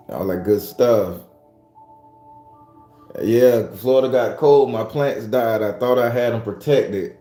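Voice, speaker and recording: A man's voice: lowish voice, unhurried, mellow. A man hosting a morning prayer stream, talking loosely and profanely in a rambling, casual way straight to his viewers. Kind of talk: casual chat. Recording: echoey room with faint music.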